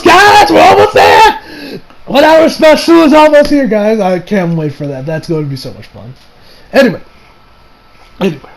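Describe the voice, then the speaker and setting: Excitable man reviewing an anime episode. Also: high voice, slight background noise, rough recording. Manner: excited, laughing, acts out quotes in funny voices. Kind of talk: casual video review.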